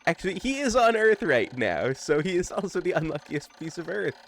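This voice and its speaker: A man's voice: high-pitched, sing-song, a little fast, a little hiss or hum. A man hosting a casual live game stream, upbeat and playful, chatting with his co-host and his viewers. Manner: upbeat, playful, reads game text aloud. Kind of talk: casual live-stream chat while gaming.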